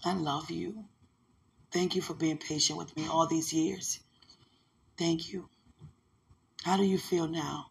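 Young woman, husky and gravelly, speaking tenderly to her partner with lively religious storytelling. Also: sits low, slow pace, long pauses. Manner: affectionate, laughing, religious, animated storytelling. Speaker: fiancée talking to her partner. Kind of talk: casual emotional chat.

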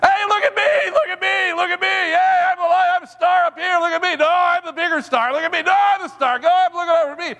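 A man squealing as bragging stars shouting for attention. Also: very high voice, fast talker, few pauses, voice pushed up. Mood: boastful. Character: clamoring show-off stars, loud and boastful.

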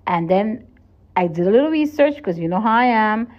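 A woman's voice: medium pitch, animated, a little fast, highs cut off. Chatty woman hosting a solo podcast. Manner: chatty and earnest, with frequent restarts and repeated words. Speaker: podcast host. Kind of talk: casual solo podcast monologue.

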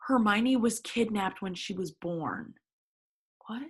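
A woman in her twenties hosts a casual podcast, reading a story aloud with a friend, adding theatrical flair and giggling often. Her voice is mid-range and husky, with lively intonation and a slow pace.

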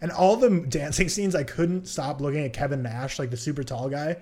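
A man co-hosting a casual movie podcast, ranting in an animated way about films. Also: on the high side, brisk. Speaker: podcast co-host. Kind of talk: casual chat.

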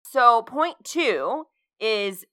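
A woman's voice: a little high, expressive, very slow, a bit bright. A woman co-hosting a podcast, casually recapping a movie plot and often chiming in to agree. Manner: storytelling recap, frequent agreeing "yes". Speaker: podcast co-host.

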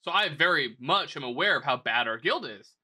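A young man co-hosting a podcast, telling animated stories in a casual, profane way. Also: a little high, a little fast, breathy edge. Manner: animated storytelling, lots of swearing. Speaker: podcast co-host. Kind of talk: casual chat.

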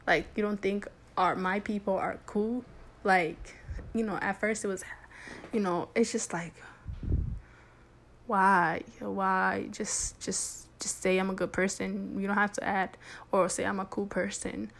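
A woman's voice: mid-range voice, steady tone, normal speed. A young woman hosting a podcast, talking candidly in a chatty way, with lots of restarts and "like". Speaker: podcast host. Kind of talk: casual solo talk.

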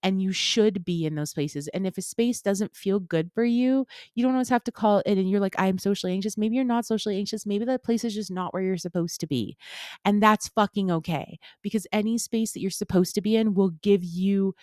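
A woman's voice: medium pitch, fairly quick, darkish tone, dry recording, studio quality. A woman in her thirties hosting a solo podcast, talking bluntly with plenty of swearing as she gives an impassioned pep talk. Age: 30s. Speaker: podcast host.

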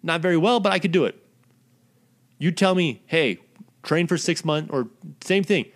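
A man's voice: fairly high pitch, normal speed. A man delivering a profane, blunt, exasperated ranting monologue as the host of his own recording.

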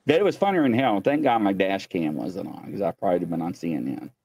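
A man's voice: low voice, fast, crowd noise. A middle-aged man from the United States hosting a show, telling stories casually and acting out the voices of the people in them. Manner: animated, acts out voices while telling stories. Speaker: host. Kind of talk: casual storytelling.

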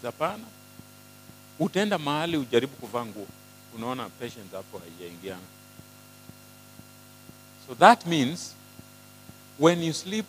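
Pastor preaching, lively, keeps asking the crowd stuff, big echoey hall w/ mains hum. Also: male voice, a little high. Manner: switches between English and Swahili, animated, asks the crowd questions. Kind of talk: sermon.

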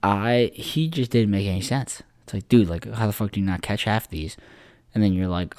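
A man with a deep, low voice talks sports on a casual podcast. He rambles, swears freely and leans on filler words. The sound is dry, with no room echo. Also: moderate pace, a little mellow. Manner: rambling, profane, lots of "like" fillers. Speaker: podcast co-host.

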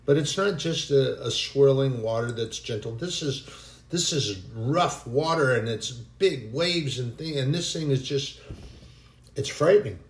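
A man preaching a sermon in an earnest, animated way. His voice sits in the middle range and rings in an echoey room. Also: medium pitch, unhurried. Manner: earnest, animated preaching with sudden bursts of acted panic.

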